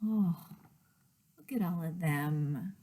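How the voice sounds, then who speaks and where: A woman who works as a children's librarian, reading picture books aloud in a gentle, expressive manner that often drops to a whisper. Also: fairly low pitch, slow pace, noisy background. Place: public library.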